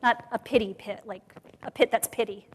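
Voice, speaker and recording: A woman gives a sermon to a women's conference as the featured speaker, mixing scripture with personal testimony. Her fairly high voice has a breathy edge and a moderate pace, and she's expressive, sinking to near-whispers and then surging into emphatic bursts. Long church-sanctuary reverb carries her voice.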